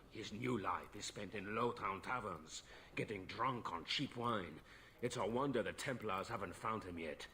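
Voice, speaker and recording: A man's voice: on the low side, pushed and bright, a little hiss or hum. An actor voicing a stern, worried nobleman father in a video game. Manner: stern, pleading.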